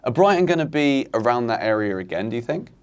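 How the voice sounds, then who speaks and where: A man hosting a casual football chat, talking in animated, exasperated rants. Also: medium pitch, fast talker, clear, resonant tone. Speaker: football podcast host.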